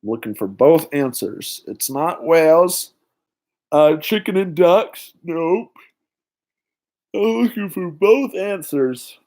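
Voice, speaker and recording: A young man hosting a live-stream trivia night, excitedly greeting viewers in the chat by name. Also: fairly high pitch, slow. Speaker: livestream host.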